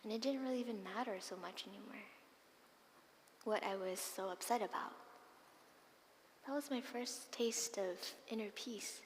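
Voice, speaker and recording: A woman Buddhist nun giving a dharma talk, telling personal stories expressively with soft, breathy asides. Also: mid-range voice, normal speed, pauses often, a little hiss or hum. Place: monastery meditation hall. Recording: long hall reverb with faint ambience.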